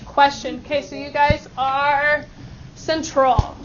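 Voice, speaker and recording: A woman math teacher leading a lesson with brisk, upbeat instructions and call-and-response countdowns. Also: sits high, level tone, noisy background. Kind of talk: classroom instruction. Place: school classroom. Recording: dull lo-fi classroom recording with student chatter.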